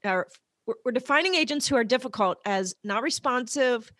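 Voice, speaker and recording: A woman co-hosting a casual chat show, upbeat and quick to laugh. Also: a little high, lively intonation, a bit bright, no echo, studio quality. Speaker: podcast co-host.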